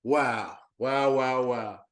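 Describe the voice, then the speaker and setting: A man's voice: medium pitch, very slow. A man with a Chicago accent hosting a podcast, laid-back and slangy, with short reactions. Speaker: podcast host. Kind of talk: casual chat.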